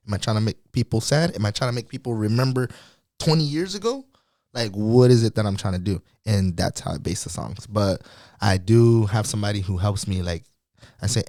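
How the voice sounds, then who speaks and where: A man with a fairly low voice chats as a guest on a podcast, relaxed and full of slang. His voice sounds dry and close to the mic. He laughs easily as he talks. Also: a little fast, dry recording. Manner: laid-back slangy talk, laughs often. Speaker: guest singer. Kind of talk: casual podcast interview.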